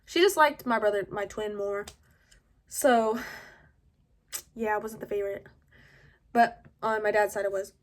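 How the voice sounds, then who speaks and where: A young adult woman at home tells a personal story in a halting, casual way, full of fillers. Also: mid-range voice. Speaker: vlogger. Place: at home indoors.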